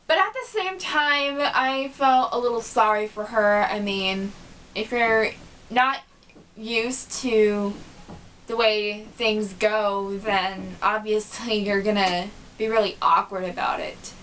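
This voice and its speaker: A woman's voice: medium pitch, slow pace, a bit bright, rough recording. A woman giving a casual, chatty movie review on her vlog, filling her talk with "like" and acting out the characters. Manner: chatty, lots of "like", acts out the characters.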